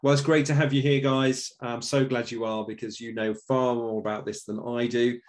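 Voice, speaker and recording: A man's voice: mid-range voice, little pitch movement, normal speed. Enthusiastic man hosting with many fillers. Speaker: event host. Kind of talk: hosting an online panel.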